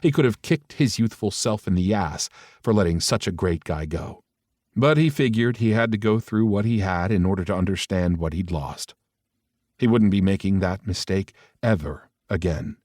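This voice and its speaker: A man narrating a romance audiobook in a steady, even reading style. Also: low voice, moderate pace, dry recording, studio quality.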